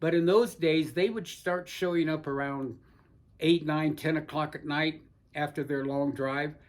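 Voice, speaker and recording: A man's voice: on the high side, a little slow. An older man telling rambling, folksy stories from his past in an oral history interview, with frequent restarts. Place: seated indoors in a barber chair.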